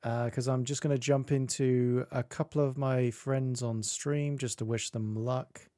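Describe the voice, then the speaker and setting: A man's voice: mid-range voice, steady tone, a little slow, hardly any pauses, warm tone, no room sound, studio quality. A man chatting casually with viewers at the start of a live stream, greeting them by name and rambling a little. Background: faint game music.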